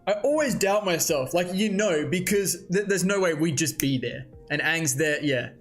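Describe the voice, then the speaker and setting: A man hosting a casual comic read-along, reacting excitedly and thinking aloud as he goes. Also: on the high side, moderate pace, soft background music. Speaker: host.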